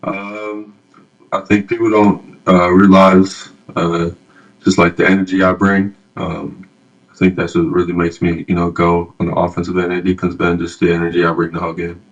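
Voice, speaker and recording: A man's voice: low-pitched, level tone, normal speed, lo-fi sound. A man being interviewed as an athlete, answering plainly and a little reservedly.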